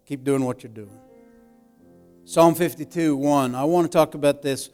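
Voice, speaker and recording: A man pastor giving slow affirming responses, then moving on to scripture in his sermon. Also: a little high, a little mellow, soft background music.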